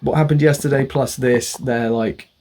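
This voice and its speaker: Husky-voiced man telling a story, swearing. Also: mid-range voice, normal speed. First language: not the local language of where he lives. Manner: animated, profane, acts out both sides of arguments. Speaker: vlogger. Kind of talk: casual storytelling monologue.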